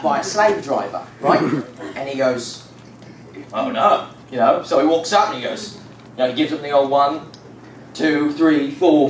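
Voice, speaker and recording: A young man with a higher voice tells a Bible story to a youth group in a rambling, laughing, filler-heavy way. The recording catches him from a distance in a reverberant church room. Steady noise runs underneath. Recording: echoey room from far off, noisy.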